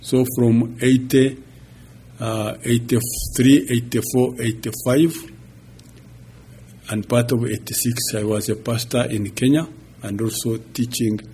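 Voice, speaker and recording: A man in his sixties, a pastor giving a halting, chuckling personal testimony. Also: medium pitch, warm tone, a little hiss or hum. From Uganda. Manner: slow, halting storytelling with chuckles.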